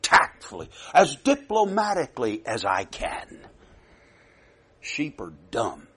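A man preaching a sermon, emphatic, rising loud and dropping soft, repeating himself often. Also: mid-range voice, wildly swooping pitch, slow, slightly rough.

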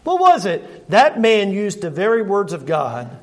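A middle-aged man delivers an earnest sermon in a notably high voice. He leans on rhetorical questions to the congregation and often circles back, repeating and restarting his phrases as he speaks. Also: huge pitch swings, a little slow. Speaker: preacher.

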